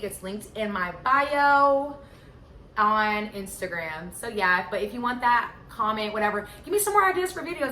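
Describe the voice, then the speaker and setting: A young woman tells a casual storytime, full of filler words, swinging into loud excitement. Her voice sits fairly high and sounds bright and sharp. The room around her is echoey, with a faint hum behind. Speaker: vlogger telling a story.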